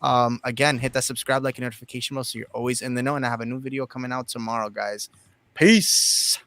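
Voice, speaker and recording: A man's voice: medium pitch, little pitch movement, very fast, fairly bright tone, dry recording. A man hosting a livestream in casual chat, effusively thanking his guests and viewers. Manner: effusive, thanks people repeatedly. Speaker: livestream host.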